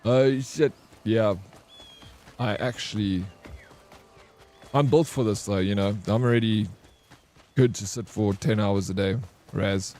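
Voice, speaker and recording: Low-ish and darkish in tone, this male gaming streamer keeps up a relaxed, chatty commentary. He swears without holding back, calls his viewers "bro," and answers chat messages as they appear.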